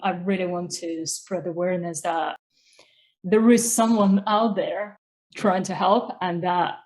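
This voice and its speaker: A woman host talks earnestly on a video call, laying out her ideas step by step. Her voice is mellow and dark, at an ordinary pitch for a woman. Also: fairly even intonation, a little slow. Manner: earnest, explanatory. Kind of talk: interview conversation.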